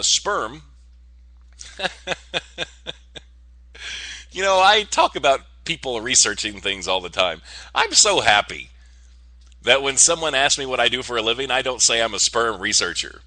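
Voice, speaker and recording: A man's voice: mid-range voice, expressive, measured pace, long pauses, bright, forceful tone, no echo. A man hosting his own online show, talking casually and joking his way through news stories with rambling asides. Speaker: podcast host. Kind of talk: casual comedic monologue.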